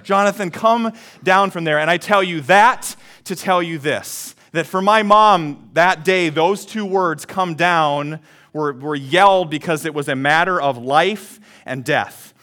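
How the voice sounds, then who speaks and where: Lively conversational man preaching. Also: on the high side. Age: 30s. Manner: lively, conversational, calls for congregation responses. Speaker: pastor. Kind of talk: sermon with a personal story.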